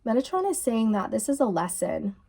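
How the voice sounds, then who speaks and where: A woman giving a channeled tarot reading to her viewers, musing softly and repeating key phrases. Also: on the high side, big pitch swings, brisk, vocal fry, slightly rough. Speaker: tarot reader.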